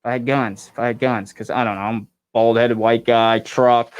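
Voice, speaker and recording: A man's voice: medium pitch, little pitch movement, normal speed, clear, resonant tone, dull audio. Rambling, laughing storyteller man. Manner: rambling, laughs often, acts out quotes. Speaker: podcast guest, pro wrestler. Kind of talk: casual storytelling chat.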